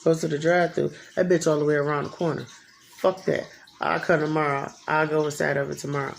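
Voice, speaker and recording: This is a vlogger in their thirties recounting a story straight to camera, loose and casual. The voice carries a rough, creaky fry. They swear constantly and lean on repetition to drive a point home. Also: mid-range voice, level tone, fast, slight background noise. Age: 30s. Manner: profane, emphatic, repeats phrases for effect.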